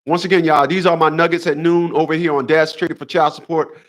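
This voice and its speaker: A man's voice: on the high side, little pitch movement, fairly quick. A man in his fifties hosting a casual livestream monologue, emphatic and preachy, often repeating his phrases. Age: 50s. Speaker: host.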